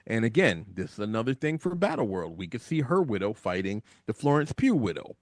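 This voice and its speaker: A man talking casually on a radio show, rambling with lots of fillers and jumping up in pitch when excited. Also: fairly quick, hardly any pauses, no echo, clean studio sound. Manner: animated, rambling, frequent fillers. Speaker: guest commentator. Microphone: studio microphone.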